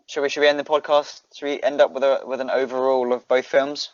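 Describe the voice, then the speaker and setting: A man's voice: mid-range voice, fairly even intonation, fairly quick, hardly any pauses, dry recording. A young man co-hosting a casual film review podcast, easygoing and trailing off while searching for names. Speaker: podcast co-host. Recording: dry, dull lo-fi home recording.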